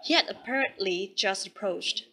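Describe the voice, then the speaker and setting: Woman narrator, audiobook, calm, even, middle-pitched voice. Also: normal speed, rough recording. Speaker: audiobook reader. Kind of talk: scripted narration.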